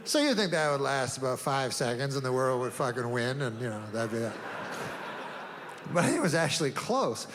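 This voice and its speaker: A man doing a stand-up routine on a comedy stage, deadpan and rambling, with long setups. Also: mid-range voice, normal speed. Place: comedy stage before a live audience. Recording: long hall reverb, faint noise.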